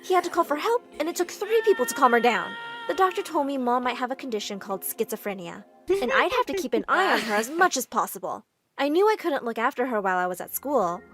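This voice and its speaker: A woman narrating an animated story in the first person, in an animated, expressive storytelling manner. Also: high voice, fast talker, soft background music.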